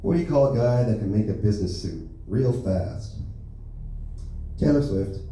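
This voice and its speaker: Young male stand-up comic, deep and mellow, deadpan; club recording, roomy and far off. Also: moderate pace. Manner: deadpan one-liners with lots of filler words. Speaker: stand-up comic at an open mic. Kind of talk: stand-up comedy set. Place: comedy club stage. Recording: echoey club, distant mic, faint noise.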